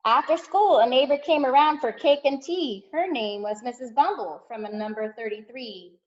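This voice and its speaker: A woman teacher reading a storybook aloud to kindergartners in an expressive, sing-song way. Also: high-pitched, normal speed. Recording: distant dull lo-fi sound.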